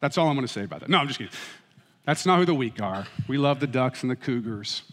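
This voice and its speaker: A middle-aged man preaching a sermon as pastor, with humorous, animated storytelling. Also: medium pitch, quick pace. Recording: reverberant hall.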